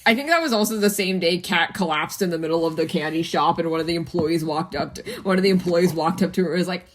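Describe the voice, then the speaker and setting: A woman's voice: on the low side, fast. A teenage girl co-hosting a casual chat, rambling with many fillers and swear words. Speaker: podcast co-host.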